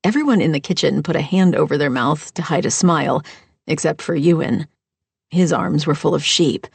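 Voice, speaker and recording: A woman with a husky, gravelly voice narrating a first-person audiobook in a measured way. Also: deep voice, lively intonation, dry recording.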